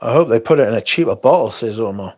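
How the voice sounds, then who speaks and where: A man's voice: medium pitch, expressive, fast, a little mellow. A young man hosting a livestream, chatting casually, rambling and swearing as he reads comments aloud. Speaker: livestream host.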